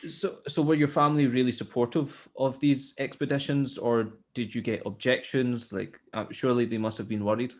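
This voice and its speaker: A man's voice: mid-range voice, fairly even intonation. Scottish man interviewing a guest. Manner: slows down to soften his accent. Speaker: interviewer host. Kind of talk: casual interview.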